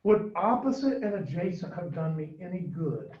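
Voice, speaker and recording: A man with a fairly high voice leads a math lesson, pausing to pull answers from his students. He is picked up from a distance. The sound is dull and roomy, as in a classroom. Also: big pitch swings. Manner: questioning, coaxing students for answers. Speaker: math teacher.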